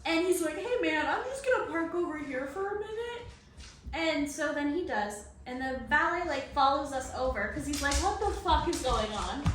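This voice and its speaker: Young female podcast co-host, high bright voice, lively storyteller, echoey far-off room. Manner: animated, laughing often, acts out quotes. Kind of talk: casual storytelling chat. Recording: echoey room, far from mic, faint noise.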